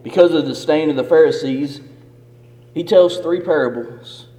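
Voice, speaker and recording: A man preaches with a rhythmic, emphatic cadence, his voice sitting high for a man. The sound carries a long reverb from a church hall. He builds his points through repeated phrases. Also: normal speed, mellow. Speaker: pastor. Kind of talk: sermon.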